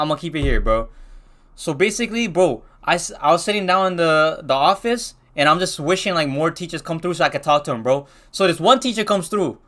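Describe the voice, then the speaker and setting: A man's voice: on the high side, fairly bright tone. A young man casually telling a rambling storytime, full of slang and restarts.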